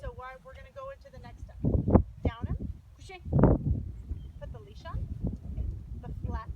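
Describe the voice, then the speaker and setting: A woman's voice: extremely high pitch, very animated, normal speed, vocal fry. A woman working as a dog trainer, giving direct, encouraging instructions and praising the dog during an outdoor coaching session. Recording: distant, dull, noisy outdoor recording.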